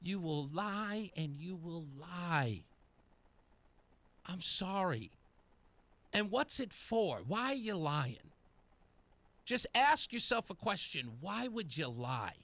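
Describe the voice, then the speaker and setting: Male radio host, bright, lively pitch, taunting and sarcastic monologue. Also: takes it slowly, pauses often, no echo. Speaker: radio talk show host.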